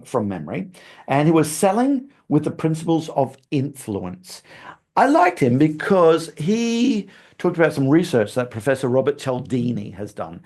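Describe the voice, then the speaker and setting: Lively, chatty man hosting a podcast. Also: mid-range voice. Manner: chatty, repeats "okay?" often, coaching tone; laughs at his own stumbles. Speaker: podcast host. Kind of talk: solo podcast recap.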